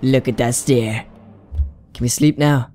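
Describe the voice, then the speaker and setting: A man's voice: mid-range voice, fairly even intonation, unhurried, a little mellow, faint music behind. A young man chatting casually and rambling through a game playthrough, giggling often. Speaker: gaming YouTuber. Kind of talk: let's play commentary.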